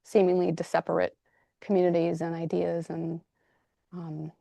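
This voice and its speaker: Gravelly-voiced woman hosting a podcast. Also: lowish voice, flat delivery, a little slow, mellow, no room sound. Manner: effusive, affirming. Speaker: podcast host. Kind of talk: conversational interview.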